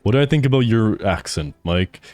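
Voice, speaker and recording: A man's voice: lowish voice, expressive, fairly quick, a little mellow, no echo, soft background music. A man streaming a game, chatting casually with his chat, laughing often and swearing freely. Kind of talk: casual live-stream chat while gaming.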